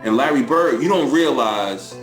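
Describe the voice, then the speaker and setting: A man's voice: mid-range voice, moderate pace. A man, a former player, telling an informal story with quoted lines and laughter. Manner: relaxed, informal talk, laughs while telling. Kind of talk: interview anecdote. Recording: echoey room with loud music.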